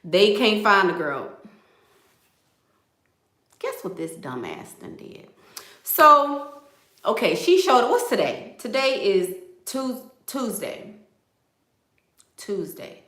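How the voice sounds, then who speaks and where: A woman's voice: medium pitch, sing-song, slow pace, long pauses, pushed and bright, roomy sound. A woman vlogger telling gossip to her viewers in a casual, chatty way, often calling them "girl".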